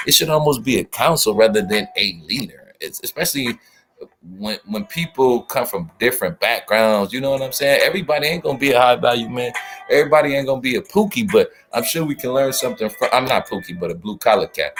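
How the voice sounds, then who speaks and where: A man hosting a casual livestream, talking in an animated, slangy way and speaking straight to his chat. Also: mid-range voice, quick pace. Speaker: livestream host.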